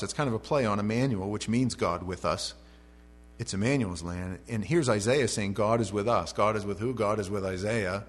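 A pastor with a fairly low voice, speaking a little quickly, delivers an expository sermon verse by verse, reading scripture aloud and then paraphrasing it in casual, modern speech. A faint mains hum runs under the recording.

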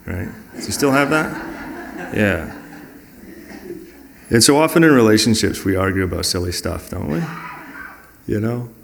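A man with a low, gravelly-fried voice shares earnest, reflective personal stories in a conversational talk, at a moderate pace with lively intonation and long pauses. At times he acts out other people's words.

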